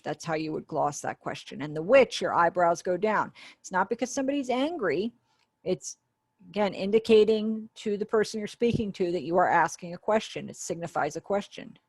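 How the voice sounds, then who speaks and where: Lady voicing a sign language class online, lowish voice, dry close sound, chatty step by step explaining. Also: moderate pace, darkish tone, no echo. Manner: conversational, explaining step by step with asides. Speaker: ASL voice interpreter for a webinar teacher.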